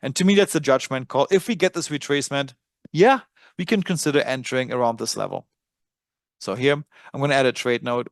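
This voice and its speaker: Here the German-accented host sounds medium-pitched and brisk, recorded at studio quality with no echo. He's running a live screen-share trading webinar, talking informally, thinking out loud, and filling gaps with frequent fillers.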